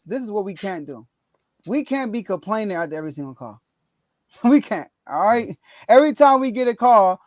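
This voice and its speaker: A man's voice: high-pitched, no room sound. A man hosting a casual sports talk podcast, laughing often and ranting with animation. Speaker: podcast host.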